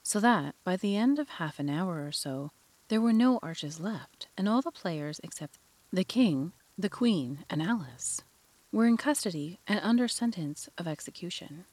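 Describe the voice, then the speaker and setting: Woman reading a storybook, lively. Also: on the low side, unhurried, no room sound. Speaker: narrator. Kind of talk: storybook narration.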